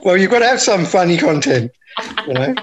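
A man's voice: high voice, sing-song, fairly quick, crowd noise. A man co-hosting a casual interview podcast, joking around with playful asides. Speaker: podcast co-host.

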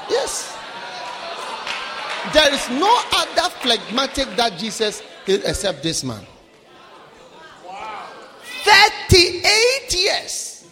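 A man preaching a sermon, shouting for emphasis and mimicking people in a sing-song voice. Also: very high voice, in a large hall.

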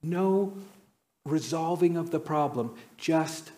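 Slow, measured male preacher. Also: warm tone. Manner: storytelling, acts out quotes with dramatic pitch jumps. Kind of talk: sermon.

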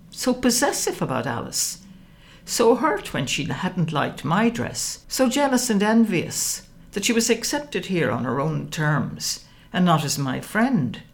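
Expressive woman narrating with gravelly lilt. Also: on the low side. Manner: wry, expressive storytelling. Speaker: audiobook narrator. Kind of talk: first-person novel narration.

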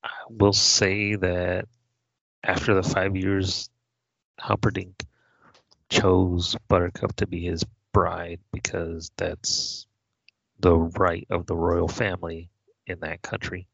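A man's voice: low-pitched, level tone, takes it slowly, creaky, a bit bright, no echo. A man co-hosting a podcast in casual chat, retelling scenes plainly and step by step. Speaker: podcast co-host. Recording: dry, dull lo-fi audio.

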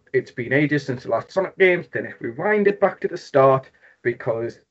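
Young Geordie man, jokey podcast co-host, slightly muffled lo-fi audio. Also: medium pitch. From North East England. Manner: jokey, quick, rambling with fillers. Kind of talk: casual gaming podcast chat.

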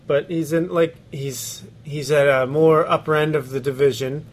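A man's voice: fairly high pitch, fairly even intonation, normal speed. A man co-hosting a casual sports podcast, laughing often and giving blunt opinions with casual swearing. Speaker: podcast co-host.

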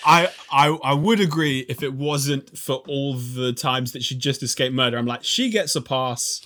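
A man's voice: medium pitch, fairly even intonation, normal speed, bright, forceful tone, a little hiss or hum. Ranting, swearing podcast co-host man. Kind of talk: casual film review chat.

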